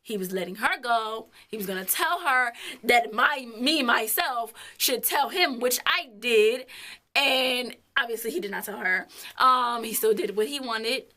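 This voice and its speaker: A woman's voice: fairly high pitch, a little slow, bright, forceful tone. A young woman co-hosting a couple's vlog, telling a story in casual chat, blunt, swearing freely and laughing often.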